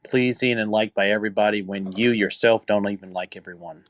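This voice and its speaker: A man talking on a casual livestream, hesitant and halting. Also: lowish voice, fairly even intonation. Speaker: guest.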